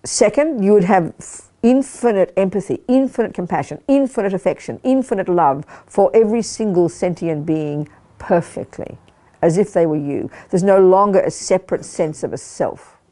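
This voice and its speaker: Older woman teaching buddhism to a group, lowish mellow voice, punchy, keeps asking if they follow. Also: animated, moderate pace. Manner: emphatic, repeats words for stress, checks in with listeners. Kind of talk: dharma teaching to a live group. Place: meditation hall of a study group.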